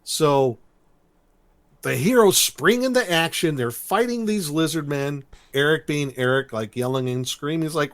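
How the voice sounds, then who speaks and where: A man co-hosting a podcast, recapping a cartoon episode in rambling, animated casual chat. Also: a little high, unhurried, no echo. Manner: rambling, animated storytelling with laughs. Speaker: podcast co-host.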